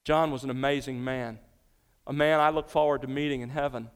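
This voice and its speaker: A pastor preaches an expository sermon in a mid-range, fairly even voice that is brisk, clear and resonant. He's earnest and emphatic, posing rhetorical questions to the congregation in a large hall with long reverb.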